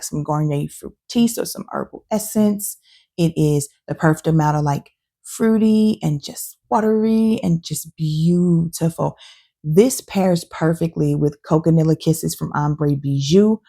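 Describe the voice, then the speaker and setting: A woman with a low, gravelly voice talks through her perfume collection in a casual, opinionated way. Her tone is dark and mellow, and her delivery is chatty and animated. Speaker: fragrance reviewer and channel host. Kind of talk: casual talking-head review.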